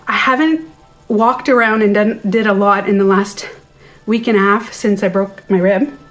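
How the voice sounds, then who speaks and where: Streaming live from the den of her home, a middle-aged woman talks to her viewers over quiet background music, reading comments aloud and cutting herself off as she goes. She's slightly breathless, with a mid-range voice at normal speed.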